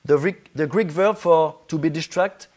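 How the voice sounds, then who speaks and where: A man's voice: on the high side, moderate pace, darkish tone. A man preaching a sermon, often repeating words as he searches for his English.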